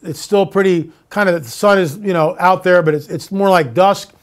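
High-voiced ranting male host. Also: normal speed. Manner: exasperated, ranting, then storytelling. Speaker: show host. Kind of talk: opinionated monologue.

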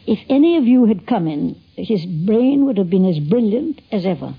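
A woman's voice: lowish voice, animated, fairly quick, creaky, few pauses, breathy edge. An older woman reminiscing in an interview, telling a story chattily with quoted dialogue, in a dull lo-fi archive recording.

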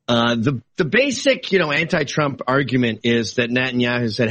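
A man arguing his side in a heated political debate, animated and argumentative, swinging between casual asides and sudden exclamations. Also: mid-range voice, moderate pace. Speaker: political guest.

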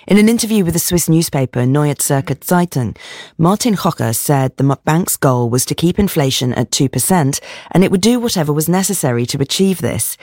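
A newsreader reading a world news bulletin in a steady, formal delivery. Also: medium pitch, no echo, clean studio sound.

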